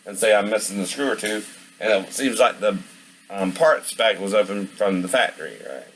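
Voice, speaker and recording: A man's voice: on the low side, normal speed, a bit bright, a little hiss or hum, low-quality recording. A man vlogging at home, rambling and venting as he talks to absent people and keeps asking "right?". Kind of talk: rambling monologue to camera.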